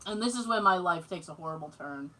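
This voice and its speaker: Lively, bright-voiced woman telling a story. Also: lowish voice, fast, recorded from a distance, rough recording. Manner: animated, swears freely, laughs often. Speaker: podcast co-host. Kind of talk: casual storytelling chat.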